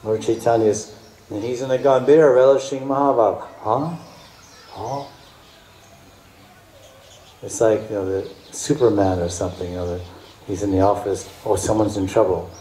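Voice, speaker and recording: A man's voice: fairly low pitch, normal speed, pauses often, warm tone. A man giving a devotional storytelling lecture as a spiritual teacher, emotive and repetitive, now and then slipping into chanted song. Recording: echoey room, faint background noise.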